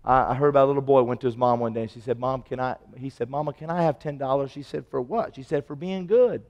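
A man preaching a sermon, telling stories and acting out the dialogue, his voice swinging from loud to hushed. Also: medium pitch, fast, in a large hall, lo-fi sound. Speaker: pastor. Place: church sanctuary.

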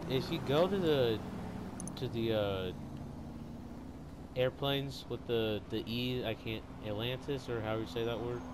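A young man chatting casually while gaming, excitable, joking and taunting his friends. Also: medium pitch, measured pace, long pauses. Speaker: gamer. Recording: voice chat over loud game noise.

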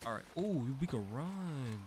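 A man hosting a gaming channel, giving casual, excitable let's-play commentary and swearing freely. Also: mid-range voice, unhurried, noisy background. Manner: chatty and excitable, swears freely, talks a lot when nervous.

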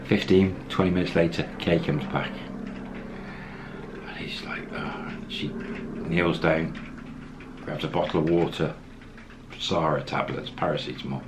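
Very deep-voiced man telling a story. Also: fairly even intonation, measured pace, background noise. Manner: anecdotal, acts out quoted lines, chuckles. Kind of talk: casual storytelling.

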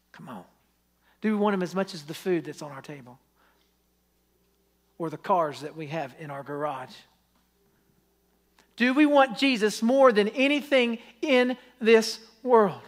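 A pastor preaching a sermon, telling stories with acted-out quotes and asking the congregation pleading questions. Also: medium pitch.

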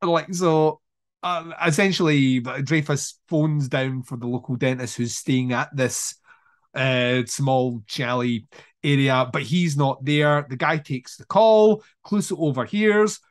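A man's voice: mid-range voice, slow. A man co-hosting a podcast, eagerly retelling movie scenes in casual, profane chat with laughs and restarts. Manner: animated retelling of scenes, frequent swearing; many fillers and restarts, laughs while talking. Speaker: podcast co-host. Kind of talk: casual film discussion.

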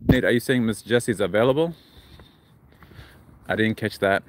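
A man's voice: lowish voice, normal speed, a little hiss or hum. Man live-streaming from a park walk. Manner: reads viewer comments aloud and greets them. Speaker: livestream vlogger. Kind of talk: casual live chat reading comments. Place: outdoors in a city park.

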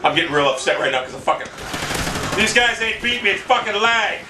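Man raging and shouting over gunfire. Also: sits high, expressive, a little fast, background noise. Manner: ranting, swearing, yelling in frustration. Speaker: gamer commentating his own match. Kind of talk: live gameplay commentary. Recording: roomy, distant mic with loud game gunfire.

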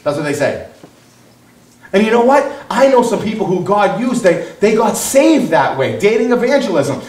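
An animated male pastor preaching a sermon, his voice rising high and ranging widely as he acts out other people's voices. He stands back from the microphone in a roomy, echoing church hall. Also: normal speed, distant mic.

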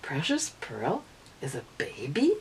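A woman's voice: low voice, wildly swooping pitch, a little slow, slight background noise, heavily acted, rough recording. Woman playing a roaring pirate captain Plunk. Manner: blustering, roaring. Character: gruff old male pirate captain.

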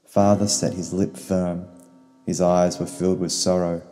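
A man reading a short story in slow, solemn narration. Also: sits low, level tone, mellow. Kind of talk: scripted narration. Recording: long reverb, faint guitar music.

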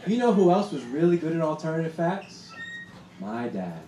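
A young man doing a stand-up set on a comedy club stage, punchy and deadpan, with laughter behind him. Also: a little high, normal speed. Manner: punchy deadpan delivery with acted-out quotes. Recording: roomy club sound with noise. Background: audience laughter.

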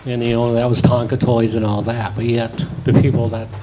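A man's voice: medium pitch, little pitch movement, fairly quick, very noisy. A man from Minnesota speaking from the audience into a handheld microphone, talking hesitantly and restarting his sentences. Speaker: audience member. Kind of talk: halting comment from the floor.

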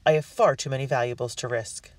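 A man's voice: mid-range voice, fairly even intonation, fast, no echo, lightly acted. A man voicing a haughty, fussy older wealthy woman who complains indignantly, recorded dry from a distant mic.

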